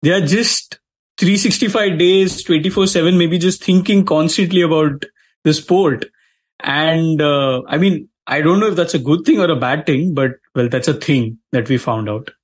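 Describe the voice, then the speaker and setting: A man's voice: fairly high pitch, moderate pace, slightly rough. A man co-hosting a sports talk show who speaks in a dry, matter-of-fact way.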